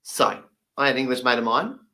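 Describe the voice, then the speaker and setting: Avustralya aksanlı bir adam, canlı ve inişli çıkışlı bir sesle komik hikâyeler anlatıyor. Tonu parlak ve net, anlattığı insanları taklit ediyor. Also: male voice, medium pitch, a little fast, creaky. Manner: animated, acts out the people in his stories. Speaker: comedian. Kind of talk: comedic storytelling.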